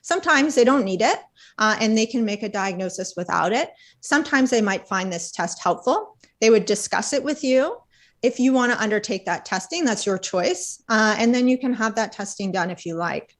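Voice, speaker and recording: A Canadian woman scientist giving interview answers, explaining in a clear and measured way. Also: fairly high pitch, expressive. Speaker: researcher guest.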